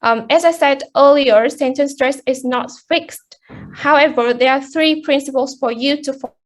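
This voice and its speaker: High-voiced young woman presenting in class. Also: normal speed. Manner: hesitant, many fillers and restarts. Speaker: student presenter.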